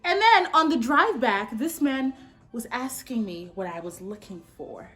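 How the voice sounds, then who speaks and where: At a moderate pace and with faint music behind her, a twenty-something beauty vlogger tells a dating story while doing her makeup at home. She's animated and sassy, jumping into loud, high outbursts.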